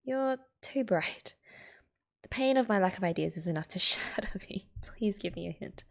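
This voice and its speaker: A woman's voice: mid-range voice, lively intonation, normal speed, vocal fry, pitched above the performer's own voice. An Australian woman voicing a restless, fragile young androgynous gem from a comic, pleading and sulky.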